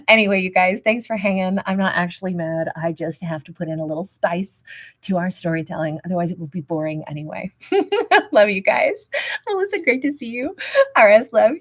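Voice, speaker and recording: A woman hosting a livestream tarot reading, talking in a peppy, emphatic way and greeting viewers with endearments. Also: on the low side. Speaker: tarot reader and livestream host.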